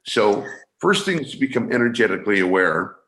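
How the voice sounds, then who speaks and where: A man from San Francisco, a guest coach, explaining his ideas in an interview over a video call. He talks in halting bursts, restarting and repeating words. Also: lowish voice, big pitch swings, fairly bright tone. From San Francisco, USA. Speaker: guest, energy awareness coach. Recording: echoey room sound.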